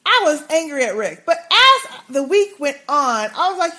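Female co-host, high voice, steady storyteller recapping the plot for listeners. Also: moderate pace, few pauses. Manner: storytelling recap, acting out characters' lines. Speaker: podcast co-host. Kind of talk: casual TV recap chat.

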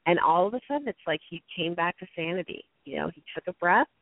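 A woman telling stories as a guest in a casual interview, acting out what people said with quick jumps into a high voice. Her voice has a slightly gravelly edge. The sound is dry and thin, like a phone line. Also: no room sound. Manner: animated storyteller, acts out quotes in a high voice. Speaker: guest speaker on conflict.

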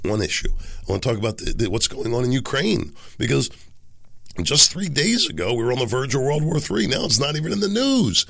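A man hosting his own podcast, hoarse and raspy from a cold, giving emphatic commentary. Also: medium pitch, big pitch swings, brisk, a bit bright, no echo, clean studio sound. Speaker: podcast host.

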